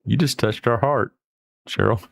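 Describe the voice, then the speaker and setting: This livestream host has a creaky mid-range voice and a measured pace, recorded clean in a studio with no room sound. He works through viewer comments, rambling in a homespun way and swearing mildly.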